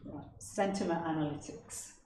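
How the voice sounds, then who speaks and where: A man's voice: on the high side, normal speed, darkish tone. A man giving a technical conference presentation in an explanatory way, often checking in with the audience. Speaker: conference speaker. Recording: echoey hall, distant mic, background noise.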